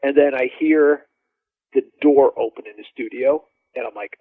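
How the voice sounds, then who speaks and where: A man, a drummer guest, telling studio stories in a rambling, animated way and acting out what others said. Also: fairly high pitch, normal speed, no echo. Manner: animated, rambling, acts out quoted dialogue. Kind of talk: casual storytelling interview. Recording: dry tinny phone-like line.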